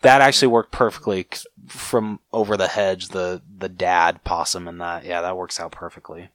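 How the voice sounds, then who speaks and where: A young man co-hosting a podcast in casual chat, teasing and animated, quick to laugh. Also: deep voice, dry recording. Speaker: podcast co-host.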